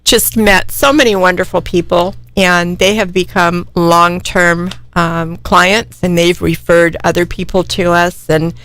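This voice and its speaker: A woman's voice: on the low side, level tone, a little slow, few pauses, fairly bright tone, rough recording. An older woman who is a real estate businesswoman, a guest on a talk show, chatting in a good-humored way with many fillers. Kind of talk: casual interview chat.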